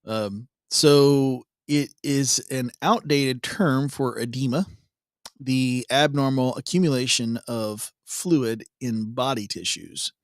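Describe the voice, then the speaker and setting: A man co-hosting a devotional show, reading a Bible passage and joking around in a relaxed, casual chat. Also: mid-range voice, slow, dry recording, studio quality. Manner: laid-back, jokey, laughs often.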